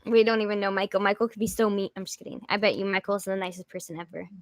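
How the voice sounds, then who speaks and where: A woman's voice: mid-range voice, steady tone, very fast, dry recording. A young woman hosting a casual livestream, chatting and rambling with jokey asides as she reads viewer comments. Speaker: livestream host.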